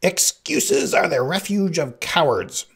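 A man voicing the Sicilian, a shrill, bossy schemer who shrieks commands and scorn. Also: sing-song, normal speed, vocal fry, husky, heavily acted.

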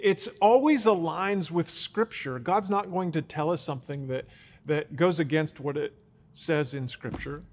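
Earnest preaching man, fairly high voice. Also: long reverb tail. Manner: teaching, earnest, with restarts. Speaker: pastor. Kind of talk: sermon.

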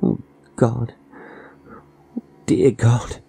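A woman's voice: a bass voice, very animated, unhurried, gravelly, warm tone, husky, pitched above the performer's own voice, heavily acted. A man voicing a frail elderly woman with dementia who speaks in a quavering, fretful way, for a ghost story audiobook. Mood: frightened. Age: older.

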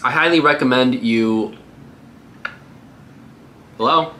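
A man's voice: medium pitch, slow, bright, forceful tone, slight background noise. A man working as a real estate agent, giving a casual, upbeat tutorial on cold calling between live calls.

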